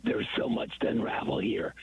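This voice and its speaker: A man calling in to a radio show, his voice hoarse and gravelly. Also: normal speed, low-quality recording. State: hoarse, voice shot. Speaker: caller.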